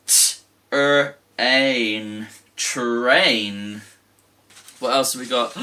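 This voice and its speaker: A man teaching a children's phonics lesson, sounding out letters with big gasps. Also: mid-range voice. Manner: animated, exaggerated gasps and sing-song letter sounds.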